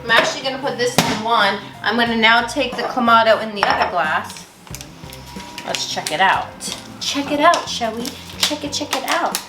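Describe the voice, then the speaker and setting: In an echoey home kitchen with music playing, a woman hosts a casual cooking vlog, bubbly and joking and swearing casually as she cooks. Her voice is fairly high and she speaks at a moderate pace.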